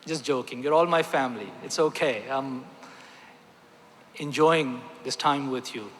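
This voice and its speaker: A man's voice: medium pitch, unhurried, a bit bright, a little hiss or hum. A man, a doctor, giving a motivational talk to a gathering, emphatic and repeating key phrases with rhetorical questions. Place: large hall with audience. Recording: echoey hall.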